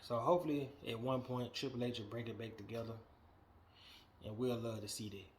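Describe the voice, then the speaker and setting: A man hosting a wrestling podcast, giving a blunt, profane, animated opinion rant that swings between muttering and loud outbursts. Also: medium pitch, a little fast, a little hiss or hum.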